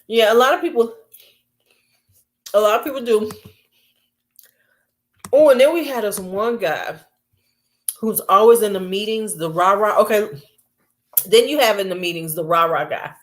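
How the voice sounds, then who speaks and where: A woman chatting casually to her camera at home late at night, blunt and quick to laugh, acting out her coworkers as she goes. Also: medium pitch. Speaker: vlogger. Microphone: camera mic.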